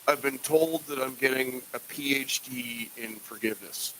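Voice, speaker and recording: Bright-voiced profane casual man. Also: mid-range voice, normal speed, a little hiss or hum, rough recording. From Canada. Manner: loose, profane, jokey, rambling. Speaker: podcast co-host. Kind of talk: casual chat.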